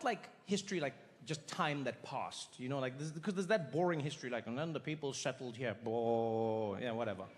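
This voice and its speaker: A man's voice: medium pitch, long reverb tail. A male stand-up comedian talking conversationally and acting out scenes on stage before a live audience.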